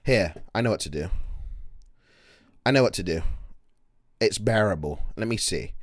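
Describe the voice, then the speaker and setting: A man's voice: lowish voice, lively intonation, normal speed, no echo, studio quality. A male livestreamer chatting casually to his viewers, brash, profane and mocking. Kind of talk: casual live-stream chat.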